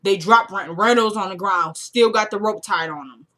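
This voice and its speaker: Woman reviewer, chatty colloquial recap, lively retelling, average pitch. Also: normal speed. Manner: animated, colloquial storytelling that acts out the characters' lines. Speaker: TV episode reviewer. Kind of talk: casual episode recap.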